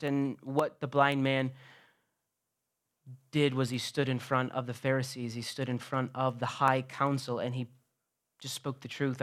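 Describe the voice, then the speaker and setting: A man preaching a sermon, retelling a Bible story with earnest emphasis, rising louder for key points and dropping quiet, slowing on important phrases. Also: medium pitch, level tone. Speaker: pastor.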